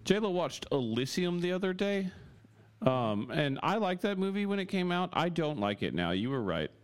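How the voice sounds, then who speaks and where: A man's voice: fairly high pitch, sing-song, moderate pace. A man co-hosting a casual podcast chat, joking and interrupting his friends. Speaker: podcast co-host.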